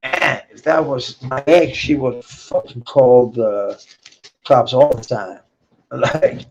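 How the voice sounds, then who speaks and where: A man's voice: medium pitch, slow, creaky, background noise. A man rambling through a profane personal monologue, swearing often and laughing between thoughts. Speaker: vlogger. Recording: dull lo-fi recording.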